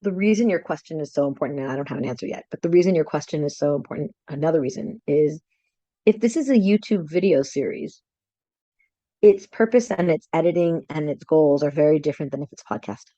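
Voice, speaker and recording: A woman's voice: low voice, animated, fast, warm tone, dry recording, muffled recording. Enthusiastic woman co-host on a video call. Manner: enthusiastic, laughs often. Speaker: podcast co-host. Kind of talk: casual chat.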